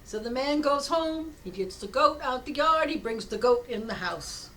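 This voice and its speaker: A woman chaplain speaking from her office, giving a devotional talk with gentle storytelling and restarts. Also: fairly high pitch, slight background noise. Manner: slow, warm-hearted storytelling with many restarts. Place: her office in a healthcare center.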